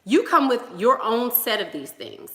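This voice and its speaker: A woman's voice: on the high side, sing-song, unhurried, fairly bright tone. Chatty woman on an echoey livestream. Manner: chatty, emphatic, laughs between thoughts. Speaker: relationship coach. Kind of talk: casual livestream chat. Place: room at home, doing her makeup. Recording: echoey room.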